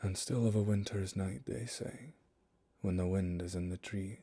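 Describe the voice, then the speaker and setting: A young man reading a narrative poem aloud on a livestream, slow and hushed, drawing out the dramatic lines. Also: sits low, steady tone, breathy edge.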